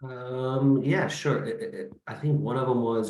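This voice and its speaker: A man answering a quick quiz in an online session, talking hesitantly and stammering. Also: medium pitch, darkish tone, roomy sound. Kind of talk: online conversation.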